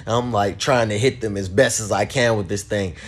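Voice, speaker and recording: A man narrating a story-time vlog in a casual, animated way, often calling out to his viewers. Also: on the low side, a little fast. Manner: animated, addresses viewers as guys and y'all. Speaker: storytime vlogger.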